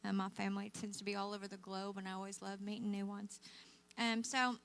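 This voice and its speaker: An older woman with a Southern twang speaks to a church crowd, chatty and folksy, often laughing at herself. Her voice is bright and forward, at a middle pitch for a woman. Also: flat delivery, fast talker, creaky. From Oklahoma, USA. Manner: warm folksy storytelling, frequent laughs and fillers. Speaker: guest speaker. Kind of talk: testimony talk to a church audience.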